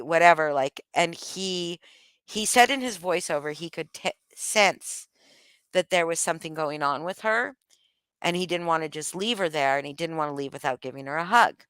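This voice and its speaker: A woman's voice: low-pitched, lively intonation, moderate pace, a bit bright, clean tone, no echo. A woman vlogging in a casual, rambling monologue, speaking candidly with frequent swearing and many restarts.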